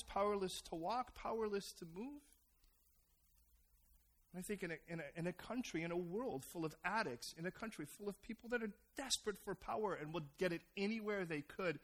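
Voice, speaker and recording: Middle-aged American male pastor, lively sermon delivery, high and bright. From United States. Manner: animated, acts out voices of others.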